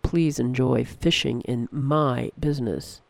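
A narrator voicing a scowling, bragging, middle-aged male pest controller who speaks low and dry. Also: steady tone, slow, creaky, dry recording. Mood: wry. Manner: dry, wry, low-voiced.

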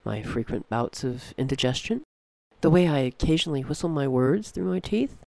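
A narrator voicing a scowling, bragging, middle-aged male pest controller who speaks low and dry. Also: expressive, normal speed, gravelly, warm tone, no echo. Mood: wry. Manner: dry, wry, low-voiced.

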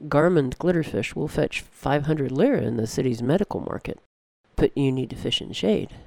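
A narrator voicing a scowling, bragging, middle-aged male pest controller who speaks low and dry. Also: animated, normal speed, gravelly, a little mellow, no echo. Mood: wry. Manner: dry, wry, low-voiced.

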